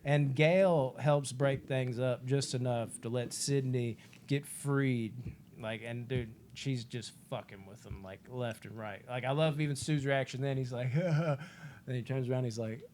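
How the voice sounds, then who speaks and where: A man co-hosting a casual movie podcast, rambling excitedly, swearing often and acting out movie lines. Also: mid-range voice, unhurried, slight background noise. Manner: rambling, excited, swears a lot, acts out quotes. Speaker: podcast co-host.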